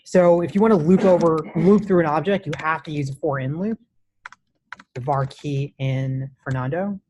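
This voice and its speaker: A man's voice: on the high side, normal speed, darkish tone, lo-fi sound, a little hiss or hum. A man teaching a live coding class in a classroom, casual and chatty, with many restarts and "right?" checks. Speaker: coding instructor.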